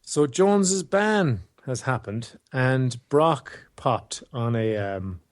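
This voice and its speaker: A man's voice: mid-range voice, expressive, slow. Wry man co-hosting a podcast. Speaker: podcast co-host. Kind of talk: casual chat.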